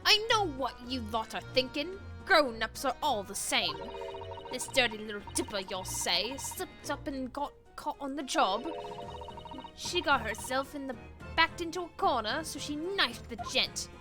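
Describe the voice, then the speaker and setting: A woman's voice: high voice, lively intonation, unhurried. A woman voicing a brash teenage girl pickpocket in a put-on Cockney accent, with game music behind. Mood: defiant. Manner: brash, defiant. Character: cocky teenage girl pickpocket, street-smart.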